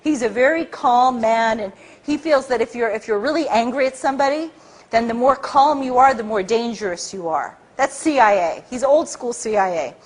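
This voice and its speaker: A middle-aged woman speaking to an audience, telling a story in an animated way and acting out the people she quotes. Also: normal speed, slightly rough. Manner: acts out quoted people with big pitch jumps. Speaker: speaker at a public talk.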